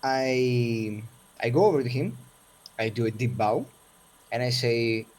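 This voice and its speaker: A man taking part in a tabletop game, asking the game master questions and speaking in character. His in-character lines are formal and flowery. His pitch sits in the middle range. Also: a little slow, long pauses, a little mellow. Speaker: player. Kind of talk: in-character role-play and table talk.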